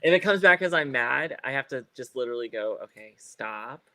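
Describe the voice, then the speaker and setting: A man's voice: medium pitch, lively intonation, fast, bright, forceful tone, no echo. Man, podcast co-host, casual chat, rambling with fillers and laughs, slight stutter, dry close mic. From Ohio. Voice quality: occasional stutter. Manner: rambling, many fillers and restarts, laughs often.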